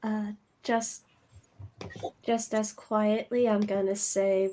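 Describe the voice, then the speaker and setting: A woman playing a tabletop game, speaking in a quiet, measured way. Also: mid-range voice, level tone. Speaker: player. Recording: faint background noise.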